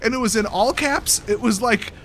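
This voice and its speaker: A man's voice: very high voice, moderate pace, a crowd in the background. A man hosting a live stream, telling stories in a loose, laughing, casual chat. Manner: laughing, loose and animated storytelling. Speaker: streamer host.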